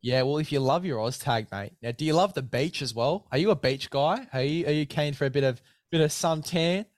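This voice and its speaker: A man's voice: on the high side, brisk, no room sound. A man hosting a casual sports podcast, chatting matey about bets and plugging a sponsor. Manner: matey, hypes bets and sponsor with filler "mate". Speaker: podcast host.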